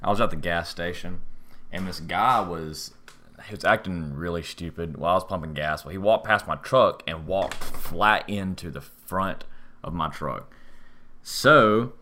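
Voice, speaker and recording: A young man co-hosting a podcast, telling a rambling comic story and shouting the quoted lines. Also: deep voice, a little slow. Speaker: podcast co-host.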